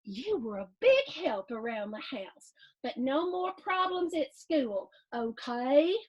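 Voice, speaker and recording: A woman reading the lines of a kindly father praising his young son in a children's picture book, in a gentle, encouraging way. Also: high voice, very animated, takes it slowly, breathy edge, muffled recording, heavily acted.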